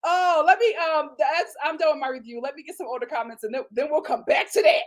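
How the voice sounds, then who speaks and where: A woman hosting a live review of a reality TV show, gossipy and animated, laughing often as she talks. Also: high-pitched, a little fast, low-quality recording. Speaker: TV show reviewer, channel host.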